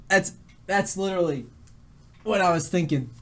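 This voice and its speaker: Streaming games, a young man with a high-sitting voice tells his chat a rambling story, laughing and restarting as he goes. His voice is shaky from crying, and there's a noisy background behind this casual storytelling.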